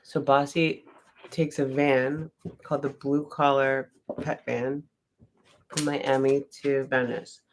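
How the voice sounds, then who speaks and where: Rambling, animated woman telling a story. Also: extremely low pitch, slow, slight background noise. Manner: rambling, heavy on "like" fillers; animated, swears freely. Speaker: vlogger. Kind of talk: casual personal storytelling.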